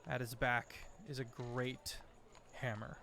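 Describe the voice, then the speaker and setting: Slow-talking male game master. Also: mid-range voice, little pitch movement, vocal fry, bright, forceful tone, slight background noise. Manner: halting, with restarts and fillers. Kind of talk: narrating a tabletop game.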